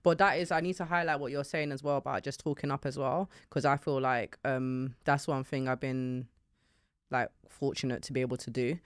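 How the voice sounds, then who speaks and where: A young woman co-hosting a podcast in casual chat, soft-spoken and reflective, often trailing off. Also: a bass voice, steady tone, fairly quick, clear, resonant tone, no echo, studio quality. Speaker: podcast co-host.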